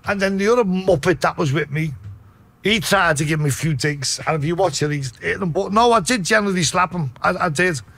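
Husky Liverpool man swearing through stories. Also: on the high side, brisk, no room sound. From Liverpool, England. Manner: profane, animated anecdotes. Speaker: interviewee telling stories. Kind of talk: casual storytelling.

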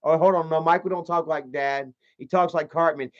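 A man's voice: on the high side, fairly even intonation, normal speed, hardly any pauses. A young man chatting on a livestream, rambling and swearing, full of "you know" fillers. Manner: rambling, profane, many fillers. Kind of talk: casual livestream chat. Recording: dull lo-fi stream audio.

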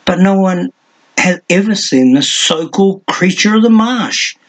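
A man's voice: sits high, lively intonation, a little slow, voice pushed up, poor audio. A man reading an audiobook and voicing a lean, sardonic young male hunter with a mocking, theatrical manner. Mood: reasoning.

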